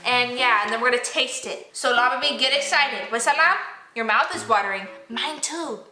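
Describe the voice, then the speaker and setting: A woman vlogging playfully with her plush toys, excitable and coaxing, often gasping. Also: a little high, brisk, reverberant, noisy background. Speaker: toy vlogger.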